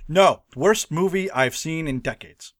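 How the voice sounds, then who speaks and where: A man's voice: fairly high pitch, a little slow, a bit bright, no echo, clean studio sound. A man co-hosting a casual movie review podcast, rambling through the plot and laughing often. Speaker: podcast co-host.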